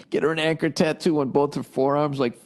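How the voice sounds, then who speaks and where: A man delivers a comedic podcast rant in a voice that sits somewhat high for a man. He reads questions aloud, then riffs on them with plenty of swearing and a tone of exasperation. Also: a little mellow. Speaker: podcast host. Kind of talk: ranting comedic monologue.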